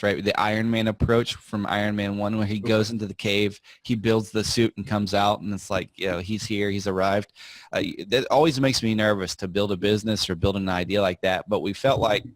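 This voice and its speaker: A man speaking as a podcast guest, telling a story in a relaxed, rambling way with frequent fillers and restarts. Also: fairly low pitch, no room sound. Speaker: podcast guest, software founder. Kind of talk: casual interview storytelling.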